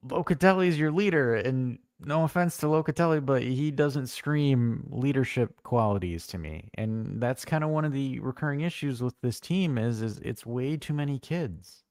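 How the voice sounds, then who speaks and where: A man's voice: mid-range voice, moderate pace, few pauses, no echo, studio quality. Blunt, swearing man chatting about football. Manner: blunt, swears freely, animated storytelling. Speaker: co-host. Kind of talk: casual live-stream football chat.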